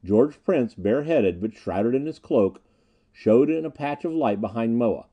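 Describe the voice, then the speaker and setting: A man narrating an adventure story in the first person, reading in an expressive, lively way. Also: mid-range voice, a little slow, breathy edge, lo-fi sound. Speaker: audiobook narrator.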